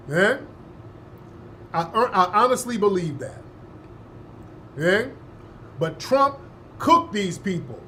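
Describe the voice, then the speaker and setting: A man's voice: high voice, fairly bright tone, a little hiss or hum. A male host giving opinionated political commentary in an emphatic, slangy, scoffing manner.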